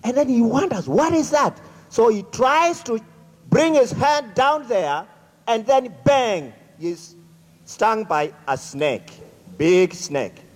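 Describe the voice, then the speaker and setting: A man telling a folk tale to an audience, slow and dramatic, speaking to them directly. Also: very high-pitched, animated. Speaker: storyteller. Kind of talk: animated folk-tale storytelling. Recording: echoey hall.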